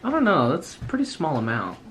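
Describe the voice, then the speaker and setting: A man chats and teases playfully in a home vlog. His pitch moves around a lot as he jokes. Light background hiss sits under him. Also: huge pitch swings, fast, a bit bright. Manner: playful, teasing. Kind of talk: casual joking chat.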